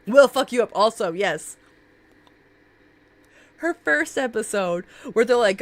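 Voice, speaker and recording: A woman's voice: on the high side, sing-song, moderate pace, no echo. A woman streaming live in a casual chat, gushing about favorite characters, laughing often and swearing freely.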